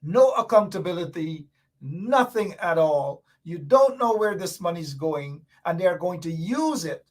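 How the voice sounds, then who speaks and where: Fiery high-voiced Guyanese radio host. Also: male voice, lively intonation, unhurried. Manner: fiery, repetitive, emphatic. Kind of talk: political radio commentary.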